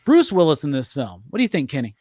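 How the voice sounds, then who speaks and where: A man hosting a casual movie review chat, talking with animated enthusiasm and leading the discussion. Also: a little high, fast talker, no echo, studio quality. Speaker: podcast host.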